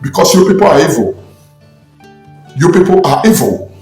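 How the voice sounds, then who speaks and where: A man's voice: on the high side, very animated, normal speed, a little mellow. A man with a Nigerian accent, a self-styled spiritualist, angrily preaching and scolding his listeners in an impassioned online rant. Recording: echoey room with faint music.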